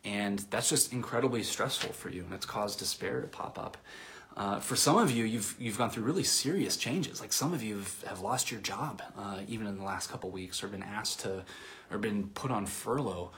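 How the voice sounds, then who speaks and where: A man preaching a sermon to his congregation in a relaxed, conversational way, with fillers and restarts, sometimes dropping to a soft near-whisper. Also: fairly low pitch, moderate pace. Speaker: pastor.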